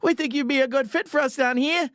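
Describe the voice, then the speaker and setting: A man's voice: very high-pitched, fast talker, a bit bright, no room sound, clean studio sound, voice pushed up. An older man voicing a cheerful Australian man who calls with a job offer, chummy and breezy. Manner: breezy, chummy, says mate a lot.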